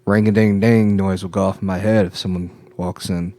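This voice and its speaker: Man, lowish voice, casual gamer talk, jokey, swears. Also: flat delivery, brisk, dark tone, slight background noise. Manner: casual, joking, swears freely. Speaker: tabletop game player. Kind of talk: casual play at the table.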